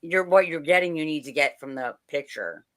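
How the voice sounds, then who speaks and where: Bright-voiced woman, frank and skeptical. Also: deep voice, expressive, a little fast. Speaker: medium and co-host. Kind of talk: casual panel chat.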